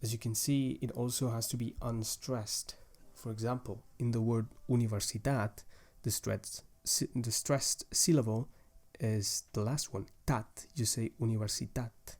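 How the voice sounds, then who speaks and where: A man's voice: mid-range voice, fairly even intonation, measured pace, few pauses, a little mellow. A young man patiently explaining grammar rules step by step in a language lesson, with small restarts as he goes. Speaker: language teacher.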